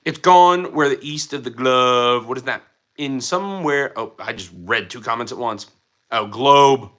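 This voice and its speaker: A man's voice: medium pitch, expressive, normal speed, fairly bright tone. A man hosting a casual livestream, reading out chat comments in a playful, goofy way and now and then slipping into silly voices. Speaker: livestream host.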